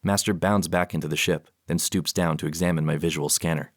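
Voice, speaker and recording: In clean studio audio without echo, a low-sitting male voice reads an audiobook. His scripted storytelling is measured and even.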